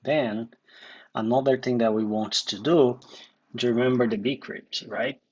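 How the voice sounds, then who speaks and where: A man teaching a coding tutorial, thinking aloud with many fillers and restarts, recorded in a dark room at his computer. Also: mid-range voice, steady tone, measured pace, breathy edge, highs cut off. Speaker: coding instructor.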